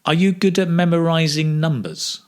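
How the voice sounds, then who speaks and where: A man teaching English speaking, modelling phrases slowly with exaggerated intonation for learners to repeat. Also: on the high side. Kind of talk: slow, clear pronunciation drill.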